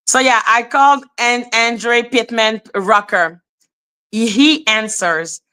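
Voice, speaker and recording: A woman hosting a livestream, telling a story in a casual, animated, profane way, often laughing and breaking into shouts. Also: a little high, slow pace, clean tone. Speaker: host.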